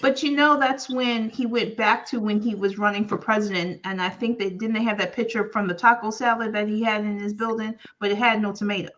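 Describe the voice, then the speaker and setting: A woman's voice: mid-range voice, steady tone, a little fast, hardly any pauses, a bit bright, highs cut off, slight background noise. A woman joining a casual talk show, speculating in a joking way.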